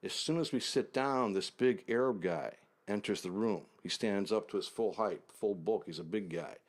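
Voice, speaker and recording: A man's voice: lowish voice, normal speed. A man from the United States, an author and interview guest, telling a travel story in vivid, short, punchy sentences. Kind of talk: anecdotal storytelling.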